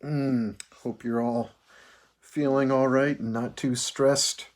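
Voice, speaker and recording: A man leading a choir through breathing and vocal warm-ups, calm and patient, counting out each breath. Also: medium pitch, slow. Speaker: choir director.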